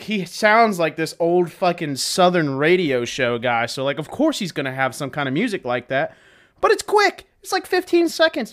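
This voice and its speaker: A man's voice: high voice, fairly bright tone. A man hosting a podcast, ranting sarcastically and swearing constantly, with bursts of mocking voices. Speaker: podcast host. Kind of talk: profane comedic rant. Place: in a truck.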